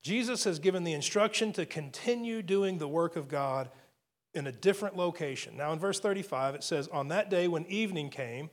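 A middle-aged man preaches with earnest conviction, his voice sitting a little high for a man. He often doubles back on a word before pressing his point forward. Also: brisk. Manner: earnest, repeats words while building points. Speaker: pastor. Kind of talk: sermon.

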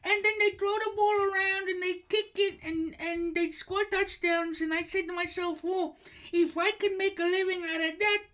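A shrill, gushing old fortune-teller lady, put on by a man in a high falsetto. She is flamboyant and theatrical, fawning and carried away. It is a comedy podcast skit. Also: level tone, moderate pace, bright, forceful tone. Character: flamboyant older female psychic from Eastern Europe.

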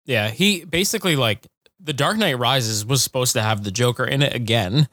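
A man co-hosting a podcast in relaxed, rambling casual chat. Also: medium pitch, normal speed, no echo, studio quality. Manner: laid-back, rambling, lots of fillers. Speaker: podcast co-host.

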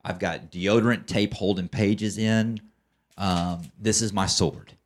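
A man's voice: fairly low pitch, fairly even intonation, a little slow. A man telling his recovery story as a podcast guest, in a fervent, preacher-like way that keeps checking in with "okay?" and "right?". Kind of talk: testimonial storytelling.

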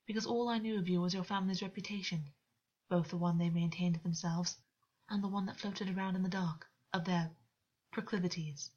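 A woman reading the lines of a serious, forthright man in a hushed, rasping voice, as part of an audiobook reading of fiction. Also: lowish voice. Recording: dull lo-fi recording.

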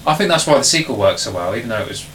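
Man, film chat co-host, opinionated, lively pitch, faint hiss. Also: very fast. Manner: opinionated and emphatic. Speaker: podcast co-host. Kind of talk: casual film-review chat. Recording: set back from the mic, faint hiss.

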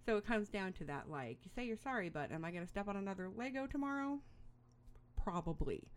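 A woman's voice: mid-range voice, lively intonation, a little fast, slight background noise. A middle-aged woman giving parenting advice in a casual monologue, rambling and chatty, with frequent fillers and small laughs.

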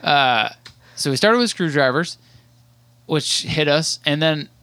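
Male podcast co-host, 30s, chatty rambling storyteller, voice a bit high. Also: slow, dry recording. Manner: rambling, animated storyteller with many restarts. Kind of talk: casual storytelling chat.

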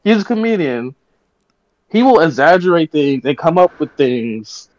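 Male podcast co-host, animated rambling delivery, dry and dull lo-fi recording. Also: a little high, a little slow, no room sound. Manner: rambling, animated storytelling rants. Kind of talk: casual podcast chat.

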